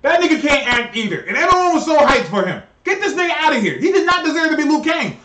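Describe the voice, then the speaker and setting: A man co-hosting a podcast in casual chat, ranting in an animated, profane way with a lot of laughter. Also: very high voice, quick pace, few pauses, roomy sound, recorded from a distance. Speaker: podcast co-host.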